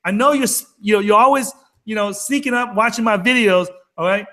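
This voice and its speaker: A man's voice: high voice, brisk, pushed and bright. A man co-hosting a trading talk show, talking in an emphatic, fired-up rant. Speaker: co-host of a crypto trading show. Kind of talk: casual chat.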